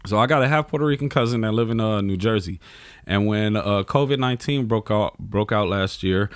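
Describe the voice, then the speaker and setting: A man who is a comedian and podcast co-host, telling a story in a rambling, profane, animated way. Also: lowish voice, fairly quick, clean tone, no room sound. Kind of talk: casual storytelling.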